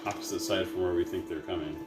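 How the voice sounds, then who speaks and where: A man's voice: deep voice, steady tone, quick pace. A man playing a tabletop game, asking questions and planning moves aloud in casual chat. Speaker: player. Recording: roomy sound with music.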